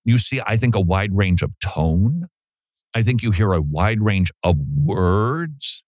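Low-voiced animated male host. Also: slow, dry recording, clean studio sound. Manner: animated, puts on voices for quotes. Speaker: podcast host. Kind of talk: casual commentary.

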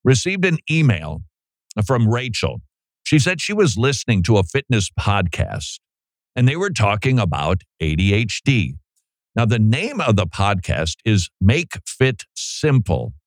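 A man's voice: fairly low pitch, sing-song, a little slow, no room sound. A man hosting a radio talk show, commenting on played clips with sarcastic, joking asides. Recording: dry studio sound.

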